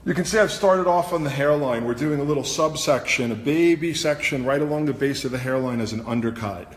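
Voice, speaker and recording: In an echoey salon studio full of long reverb and faint ambience, a hairstylist and host talks fairly quickly in a mid-range voice. He keeps up a chatty running explanation of every step while cutting hair in a live demonstration.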